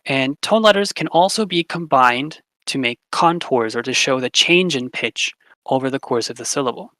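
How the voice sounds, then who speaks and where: A young man with a bright, clear-edged voice gives a relaxed class explanation full of fillers. He slows down to repeat example words carefully. The recording is dry and close, with no room sound. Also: medium pitch, no echo, low-quality recording. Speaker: language teacher.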